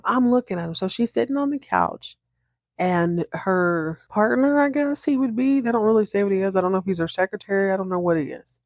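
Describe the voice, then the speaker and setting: A woman's voice: lowish voice, no room sound, studio quality. A woman hosting a podcast, casually recapping a TV episode and playfully acting out the characters' lines. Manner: chatty, acts out characters' lines with playful voices.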